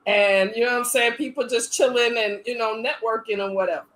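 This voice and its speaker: A woman's voice: on the high side, steady tone, brisk, fairly bright tone. A woman podcast host telling a story in casual, profane chat, animatedly acting out the other people in it.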